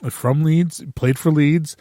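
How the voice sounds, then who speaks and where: A man's voice: fairly high pitch, fairly even intonation, slow pace, mellow, dry recording, studio quality. A man hosting a podcast, chatting casually and chuckling often. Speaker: podcast host.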